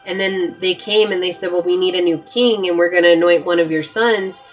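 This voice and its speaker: A woman giving a casual pick-a-card tarot reading, earnest and emphatic, chatty with frequent "like" and quick restarts. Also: on the low side, fairly even intonation, soft background music. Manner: earnest and emphatic, often shifting into spiritual advice. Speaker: tarot reader.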